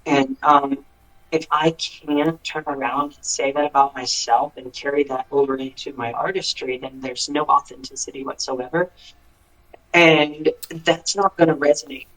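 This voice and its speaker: A man's voice: fairly high pitch, level tone, normal speed, a bit bright, poor audio. Earnest young-sounding male singer. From United States. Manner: earnest, thoughtful, many restarts and fillers. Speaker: guest, country singer. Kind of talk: casual interview chat.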